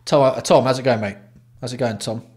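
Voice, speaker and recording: A man's voice: mid-range voice, fairly even intonation, fairly quick, a little mellow. A man from England hosting a casual livestream, greeting viewers by name with blunt, sweary banter. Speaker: livestream host.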